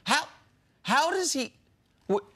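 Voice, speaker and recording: A man hosting a sports talk show in casual debate, animated and dropping low and quiet at the end of each point. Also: takes it slowly.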